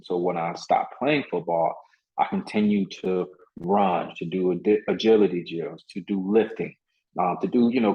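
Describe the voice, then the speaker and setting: A man with a very low voice tells his story as a guest in a casual interview. He talks earnestly, doubles back on his words and keeps dropping in "you know". The recording sounds dull and lo-fi. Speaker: podcast guest, motivational speaker.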